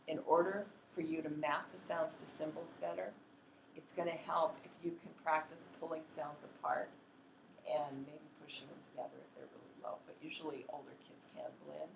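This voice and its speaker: A woman training teachers in a workshop, explaining in a practical, chatty way and slowly sounding out words to demonstrate. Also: sits low, fairly even intonation, creaky, reverberant, noisy background. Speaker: literacy educator training teachers.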